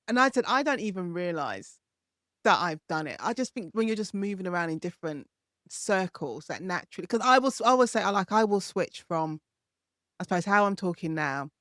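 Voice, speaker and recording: A woman's voice: mid-range voice, sing-song, bright, forceful tone, dry recording, clean studio sound. A woman hosting an interview podcast, chatty and encouraging. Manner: chatty, encouraging, quick to laugh. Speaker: podcast host. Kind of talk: conversational interview.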